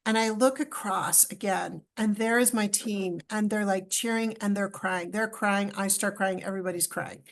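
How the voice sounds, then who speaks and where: A middle-aged woman, a podcast guest, telling a personal story with lively acted-out dialogue. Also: medium pitch, normal speed, few pauses. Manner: animated storyteller, acts out dialogue.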